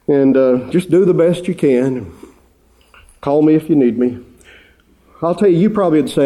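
Middle-aged male preacher, mellow and slightly high voice, earnest pulpit delivery with fervent swells. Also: normal speed, pauses often. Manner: earnest, rising to fervent appeals. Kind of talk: sermon.

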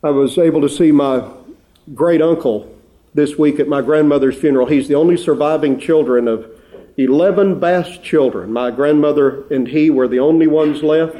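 Middle-aged male preacher, mellow and slightly high voice, earnest pulpit delivery with fervent swells. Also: moderate pace. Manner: earnest, rising to fervent appeals. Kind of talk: sermon.

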